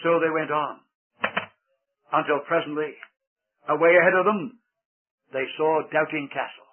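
A man's voice: fairly high pitch, steady tone, normal speed. A man telling a story with dramatic narration and playful asides, heard through a tinny old radio broadcast.

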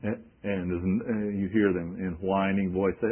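A man's voice: sits low, little pitch movement, normal speed, breathy edge, phone-quality sound. A male preacher giving an emphatic sermon, quoting scripture and asking rhetorical questions.

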